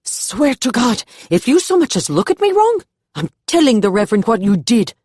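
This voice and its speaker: A woman voicing a sharp-tongued young woman who speaks with a put-on Southern belle accent, high and shrill. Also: lively intonation, a little fast, no room sound, clean studio sound. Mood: furious.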